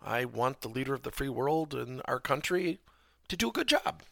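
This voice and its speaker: A man's voice: medium pitch, very animated, normal speed, creaky, sharp tone, no echo, clean studio sound. A man hosting a podcast lesson, telling personal stories and asking the listener emphatic rhetorical questions. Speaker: podcast host and workplace trainer.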